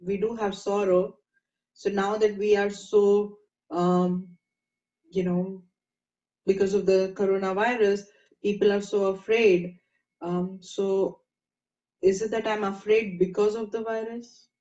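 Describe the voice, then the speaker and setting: Soft-toned lady leading a meditation class, mellow voice, echoey room, kinda muffled. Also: mid-range voice, level tone, slow, long pauses. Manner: gentle, coaxing, asks the class questions. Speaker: meditation teacher. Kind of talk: spiritual class talk. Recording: dull lo-fi sound in an echoey room.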